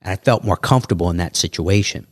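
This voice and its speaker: A man telling stories as a podcast guest in an animated, casual way, acting out other people's lines. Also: low voice, fast, no room sound, clean studio sound. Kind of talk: casual interview storytelling.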